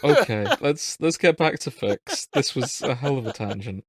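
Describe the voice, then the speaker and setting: A man's voice: mid-range voice, expressive, normal speed, husky, no room sound, studio quality. A man co-hosting a casual podcast chat, joking and laughing at himself. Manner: laughing, self-deprecating banter. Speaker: podcast co-host.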